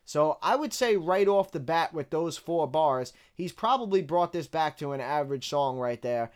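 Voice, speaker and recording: A man casually breaking down rap lyrics bar by bar, candid and relaxed as he counts the rhymes. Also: a little high, normal speed, clear, resonant tone. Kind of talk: casual analytical commentary.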